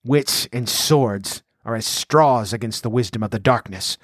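A menacing fallen sorcerer turned slave, as a man reads him, growling low with bitterness and buried hatred. The voice is dry and close. A storybook villain who mutters threats under his breath. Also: unhurried, no room sound, lightly acted. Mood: resentful.

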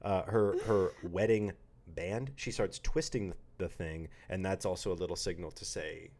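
A man's voice: low-pitched, normal speed, darkish tone. A man co-hosting a casual podcast chat, rambling and joking, slipping into quoted voices. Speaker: podcast co-host.

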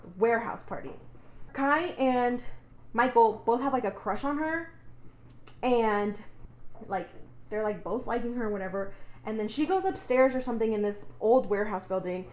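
A woman's voice: on the high side, normal speed, darkish tone. A young woman co-hosting a podcast, recapping a book in a casual, chatty way, swearing freely and saying "like" a lot. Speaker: podcast co-host. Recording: echoey room.

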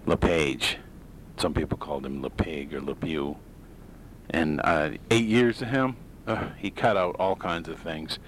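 Deep-voiced blunt, rambling man. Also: a little slow, slight background noise, low-quality recording. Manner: rambling, blunt, sarcastic, many fillers and restarts. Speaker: podcast host. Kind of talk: opinionated solo monologue. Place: home in Maine.

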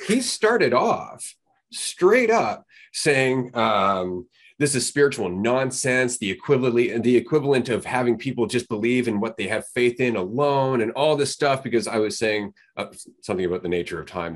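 Husky, animated podcast guy. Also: lowish voice. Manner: animated, blunt, swears freely. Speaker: podcast co-host. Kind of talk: casual podcast chat.

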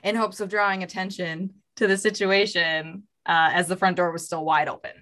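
A woman's voice: fairly low pitch, little pitch movement, moderate pace, a bit bright. A woman podcast host telling a true crime story in a casual, conversational way, with fillers. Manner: reads out a story with fillers, voicing quoted lines.

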